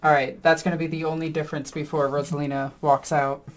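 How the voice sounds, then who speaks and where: A woman's voice: low-pitched, flat delivery, fast talker, a little hiss or hum. A woman playing a tabletop game over an online call, describing her character's actions in first person and laughing often. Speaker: player and channel host. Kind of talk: casual tabletop role-play.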